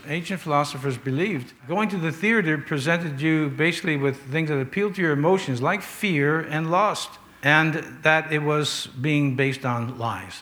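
A man's voice: fairly high pitch, fairly bright tone. A man preaching a sermon in an earnest, conversational way, telling stories and asking rhetorical questions.

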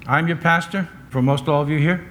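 Older pastor preaching in a fairly high voice. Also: male voice, steady tone, a little fast, a bit bright, a little hiss or hum. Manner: conversational preaching with wry asides. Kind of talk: sermon.

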